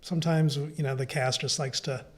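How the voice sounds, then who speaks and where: A middle-aged man from Iowa, a filmmaker guest telling stories in a relaxed, chatty way with frequent small laughs. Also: mid-range voice, moderate pace. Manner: relaxed storytelling with frequent chuckles. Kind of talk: casual interview.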